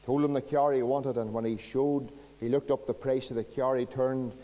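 Northern Irish pastor preaching in church. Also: male voice, mid-range voice, steady tone, moderate pace, dark tone, big-room sound. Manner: folksy storytelling preacher. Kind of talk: sermon.

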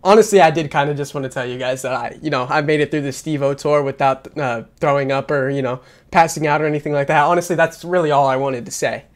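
A man's voice: on the high side, fairly even intonation, quick pace. A young man hosting a reaction video, joking and wisecracking about what he watches. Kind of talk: casual reaction commentary.

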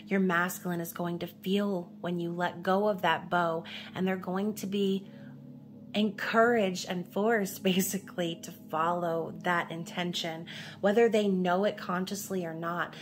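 A woman's voice: on the low side, fairly even intonation, measured pace, a little hiss or hum. A woman from New York giving a casual tarot reading, chatty and reassuring, often checking in with "okay?". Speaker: tarot reader.

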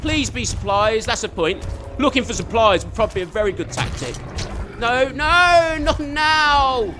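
Very high-voiced excitable gamer. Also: male voice, quick pace, soft background music. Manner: excitable, chatty, swears mildly, talks to the game character. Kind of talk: let's play commentary.

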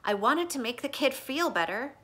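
A woman's voice: high-pitched, lively intonation, normal speed, pushed and bright, voice pushed up, heavily acted. A woman voicing a small, loyal male dog who is cheeky and fond, read from a storybook. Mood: coaxing.

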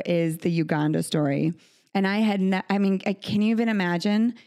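A US woman hosts a podcast in a recording studio, speaking a little fast in a warm, medium-pitched voice with fairly even intonation. She's heartfelt and earnest, talking about faith in a conversational interview.

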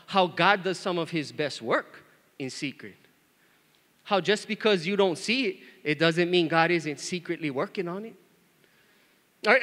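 A male pastor preaching to his congregation in an animated, joking way, calling out to them for responses. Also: high-pitched. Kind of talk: sermon. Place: church. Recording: reverberant church hall.

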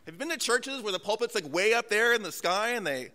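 Bright-voiced pastor preaching in a reverberant church. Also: male voice, high voice, animated. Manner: humorous, self-mocking storytelling that drops to slow, hushed emphasis. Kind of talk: sermon. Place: church sanctuary. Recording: long church hall reverb.

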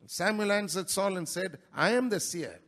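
A male pastor preaching a sermon in a church, breaking into sudden loud rises and dropping into quick, quieter asides. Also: high voice, animated. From India.

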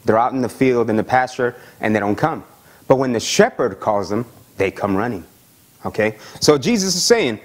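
Excited pastor, lively preaching voice. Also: male voice, medium pitch, moderate pace. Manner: excited, repeats words and asks "Amen?". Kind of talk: sermon with Bible reading and prayer.

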